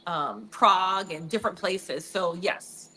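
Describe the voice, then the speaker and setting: A woman hosting a casual talk show and telling animated stories. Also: on the low side, unhurried, slight background noise, rough recording. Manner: chatty storyteller, animated anecdotes. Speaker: host. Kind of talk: casual chat.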